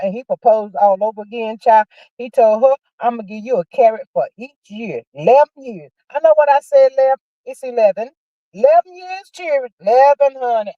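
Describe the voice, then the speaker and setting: A woman hosting a casual livestream, chatting about celebrity news in a sassy, drawn-out way and calling viewers honey and child. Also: a little high, dry recording, dull audio. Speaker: livestream host. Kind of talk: casual gossip chat.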